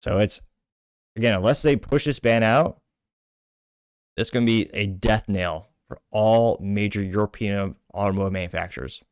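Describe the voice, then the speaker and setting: A man's voice: fairly low pitch, normal speed, smooth, no room sound, clean studio sound. A man hosting a show, delivering indignant, emphatic political opinion commentary. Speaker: show host.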